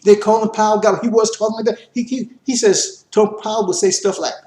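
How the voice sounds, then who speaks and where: A man giving an impassioned religious lecture, preachy and repetitive, rising to forceful emphasis. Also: sits high, fairly even intonation, a little fast, few pauses, echoey room. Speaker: religious teacher.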